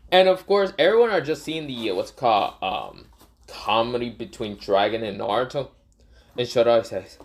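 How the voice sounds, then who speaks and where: A man retells a fan story off the cuff, rambling through it with fillers and frequent self-corrections. His voice sits at an ordinary, middle pitch. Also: lively intonation, moderate pace. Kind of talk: casual spoken story retelling.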